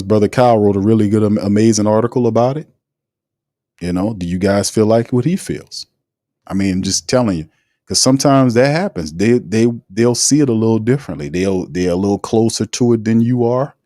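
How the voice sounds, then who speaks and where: Guy hosting a sports show, real low voice, rambles and throws slang around, dry close mic. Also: no echo. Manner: animated, rambling, slangy, opinionated. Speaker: sports talk show host. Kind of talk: casual live sports commentary.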